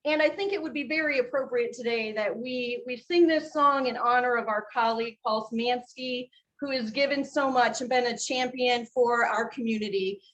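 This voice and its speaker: Upbeat woman with a high voice opening a conference, cheering everyone on to sing along. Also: moderate pace, hardly any pauses, fairly bright tone, dull audio. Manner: upbeat, encouraging the audience to join in. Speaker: children's music performer and teacher trainer. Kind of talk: welcoming address to a conference.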